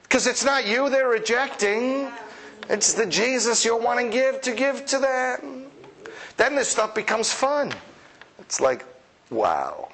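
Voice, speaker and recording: An animated male preacher with a fairly high voice delivers a lively sermon. He talks playfully and acts out the voices of the people he describes. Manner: animated, acts out quoted voices, chuckles often. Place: church service with congregation.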